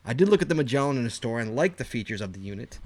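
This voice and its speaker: Lively, joking male podcast co-host. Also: medium pitch, rapid-fire, background noise. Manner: joking, teasing. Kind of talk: casual chat, reading listener emails aloud.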